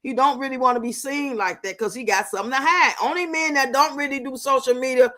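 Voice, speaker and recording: Young woman streamer, high bright voice, loud, profane, teasing chat host. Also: fast talker. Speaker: livestream host. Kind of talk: casual live-stream chat reacting to a reality show.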